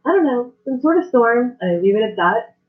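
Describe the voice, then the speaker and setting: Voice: medium pitch, sing-song, normal speed. A player in a tabletop game, giving brief, guarded replies. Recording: phone-like thin sound.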